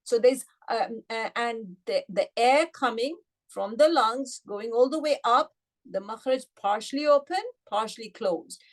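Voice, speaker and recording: A woman teaching an online recitation class. She explains patiently, asks her students questions and says sounds slowly, several times over. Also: a little high. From United Kingdom. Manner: patient, demonstrates sounds slowly and repeats them; addresses students directly with questions. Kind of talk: online tajweed lesson.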